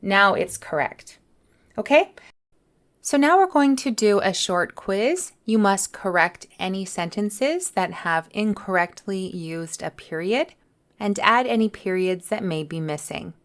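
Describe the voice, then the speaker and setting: A woman teaching a beginner English lesson, speaking in a clear, careful way. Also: mid-range voice, expressive, unhurried.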